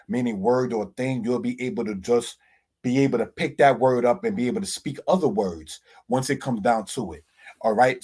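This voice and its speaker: A man teaching Hebrew words from slides, slowly spelling out terms and often calling his listeners brothers and sisters. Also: mid-range voice, darkish tone, breathy edge. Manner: slow, deliberate spelling-out of words.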